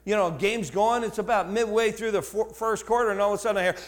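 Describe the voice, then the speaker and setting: A middle-aged male pastor telling a story in a sermon, asking the congregation questions and shouting for emphasis. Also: high voice, steady tone, quick pace. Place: church before a congregation.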